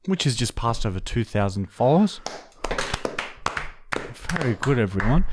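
A man's voice: mid-range voice, very animated, moderate pace, darkish tone, slight background noise. A man co-hosting a podcast, running segments with jokey, playful patter in crude casual banter.

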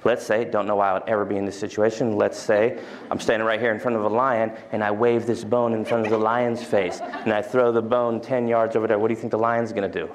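A man's voice: lowish voice, level tone, quick pace. A man giving a casual, conversational university lecture in a large lecture hall, including a guided mindfulness exercise.

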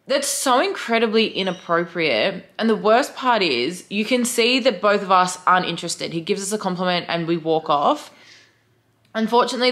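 A young woman with an Australian accent, vlogging casually, animated and swearing freely with lots of "like" fillers. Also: mid-range voice. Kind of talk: casual vlog storytelling.

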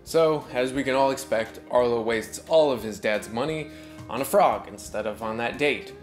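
Male reviewer with comedic voice-over, sarcastic and profane, middle pitch, faint music bed. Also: normal speed. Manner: sarcastic, profane, mock-outraged. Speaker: movie reviewer.

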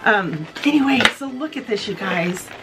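A woman's voice: mid-range voice, animated, normal speed, very noisy. A woman hosting her own vlog, gushing in a bubbly, chatty way as she talks straight to her viewers and shows off a favorite item at home. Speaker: vlog host. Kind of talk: casual product show-and-tell vlog.

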